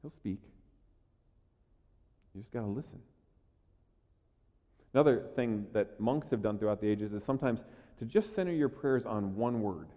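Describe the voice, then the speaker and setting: A man preaching a sermon as a pastor, talking conversationally and swinging between quiet asides and louder emphasis, often repeating words as he restarts. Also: lowish voice, lively intonation, normal speed, pauses often. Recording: echoey hall, dull lo-fi sound.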